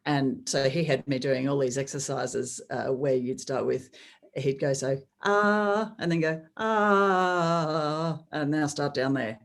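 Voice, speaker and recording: Australian woman sports presenter, really deep voice, measured and thoughtful, laughs easy. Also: steady tone, gravelly, darkish tone. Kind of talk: podcast interview.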